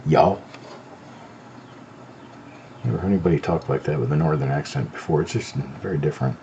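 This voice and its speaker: A middle-aged man talks casually as the host of a live show, easygoing and unhurried as he examines things and chats to his viewers. His voice sits low and sounds warm and relaxed. The recording is a little muffled, with a faint hiss underneath. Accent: no southern accent. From not from North Carolina. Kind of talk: casual live-stream chat.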